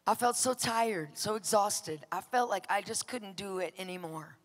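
A woman's voice: mid-range voice, normal speed, big-room sound. A woman minister giving a personal testimony, telling it emphatically and dramatically and acting out her own outbursts.

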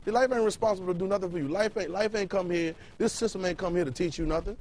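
A man's voice: high-pitched, fast, few pauses, a little mellow, poor audio. A man preaching in an everyday, conversational register, with a voice that sits slightly above the usual male range. He circles back over his own words as he builds each point and keeps tossing questions out to the room. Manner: colloquial, fires rhetorical questions at the room. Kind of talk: sermon with Bible reading.

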